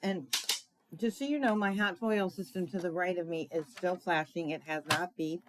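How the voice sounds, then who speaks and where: A woman's voice: fairly low pitch, flat delivery, moderate pace, background noise. A woman giving a casual live craft demonstration, chatty and thinking aloud, talking to her viewers with fillers and asides.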